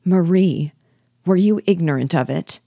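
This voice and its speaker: A woman's voice: on the low side, measured pace, gravelly, dark tone, no echo, clean studio sound. A woman reading aloud voices a young husband, speaking his lines in an earnest, impassioned way. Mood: urgent. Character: young husband, ardent and remorseful.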